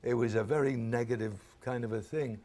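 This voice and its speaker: An older man from Brooklyn, an actor being interviewed, telling lively anecdotes and acting out the lines he quotes. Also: medium pitch, fairly quick. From Brooklyn, New York. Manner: lively storyteller who acts out quoted lines.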